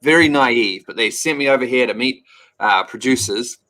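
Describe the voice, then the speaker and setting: A man's voice: medium pitch, normal speed, pushed and bright. A man in his thirties with a New Zealand accent, chatting as an upbeat, joking guest on an interview show. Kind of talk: casual interview chat.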